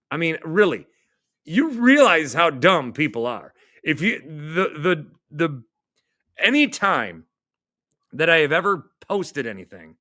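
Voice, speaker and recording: A man's voice: a little high, no room sound, studio quality. Sarcastic man ranting over comments. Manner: sarcastic, animated rant. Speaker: radio host. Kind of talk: reading and mocking online comments.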